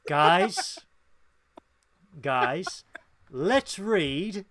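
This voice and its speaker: A man's voice: a little high, lively intonation, very slow, a bit bright. A man with a Northern English accent, co-hosting a casual podcast and speaking in an impassioned, emphatic way. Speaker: podcast co-host.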